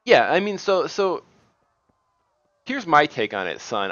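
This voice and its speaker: A man giving casual, rambling commentary while playing a game, halting and restarting often and swearing at the game now and then. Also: fairly high pitch, sing-song, a bit bright, no room sound, muffled recording. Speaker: gaming video host.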